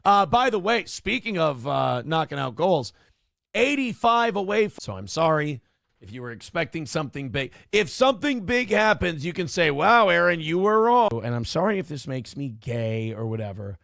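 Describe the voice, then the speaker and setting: A man with an Upper Midwest American accent hosts a streamed talk show, his voice a little high and gravelly. He apologizes again and again in a sarcastic, combative way. The sound is dry and close to the mic. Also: sing-song, normal speed, a bit bright, no echo. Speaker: morning show host. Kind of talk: supercut of live-stream talk show clips.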